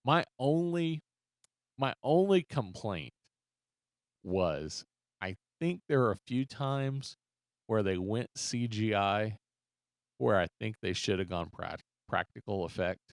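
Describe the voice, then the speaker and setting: A man's voice: lowish voice, expressive, slow, dry recording, clean studio sound. A man co-hosting a podcast, chatty and joking, laughing often. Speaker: podcast co-host. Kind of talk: casual podcast chat.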